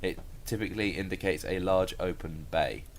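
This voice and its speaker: A man's voice: deep voice, moderate pace, slight background noise. A man co-hosting a casual podcast chat, joking, laughing often and swearing. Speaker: podcast co-host.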